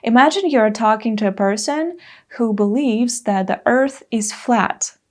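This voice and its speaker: A woman in her thirties teaching an English lesson, speaking clearly and carefully and acting out example phrases. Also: on the high side, measured pace.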